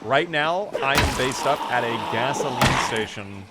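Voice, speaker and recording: A man's voice: medium pitch, lively intonation, normal speed. Guy streaming a game, rambly and chatty, says like a lot, plain mid voice, hissy mic. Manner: rambling, chatty, lots of "like" fillers. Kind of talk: casual live-stream chat.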